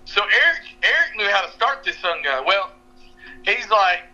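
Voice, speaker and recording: Bright-voiced young man telling tales. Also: high voice, normal speed, soft background music. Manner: drawling, laughing, animated storyteller. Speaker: fishing guide and podcast regular. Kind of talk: casual storytelling. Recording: muffled phone-line call.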